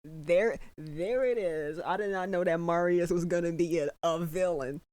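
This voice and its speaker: A young adult giving casual, excitable reaction commentary on a show, getting emotional and swearing freely. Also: mid-range voice, moderate pace, dry recording.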